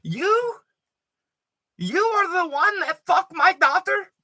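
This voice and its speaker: A woman's voice: very high-pitched, sing-song, slow, sharp tone, no echo, clean studio sound, pitched above the performer's own voice, full character voice. A man voicing a furious middle-aged mother with choppy English, shrieking and cursing, in a spoken story.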